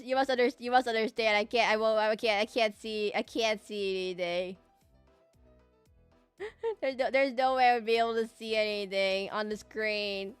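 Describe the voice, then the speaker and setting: Woman streamer rambling to chat, smooth clear voice, dry close sound, bit of music underneath. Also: mid-range voice, fairly bright tone, dry recording. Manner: rambling, repeats herself, talks to chat. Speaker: VTuber streamer. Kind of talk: casual live-stream chat.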